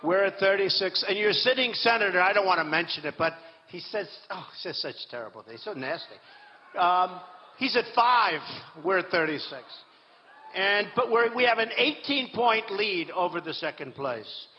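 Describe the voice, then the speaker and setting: Boastful high-voiced man rambling in a hall. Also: expressive, moderate pace. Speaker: political candidate addressing a rally. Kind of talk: off-the-cuff campaign speech. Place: large hall with an audience. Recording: dull hall recording with long reverb.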